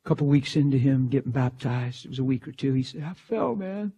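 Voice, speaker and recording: A male preacher delivering a fervent sermon in a husky voice, swinging from exclamations down to hushed whispers. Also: mid-range voice, little pitch movement, quick pace.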